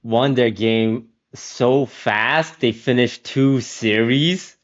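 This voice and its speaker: A man streaming, reacting casually and excitedly to a match he watches, urging players on and firing off questions. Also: medium pitch, drawn-out words, lo-fi sound.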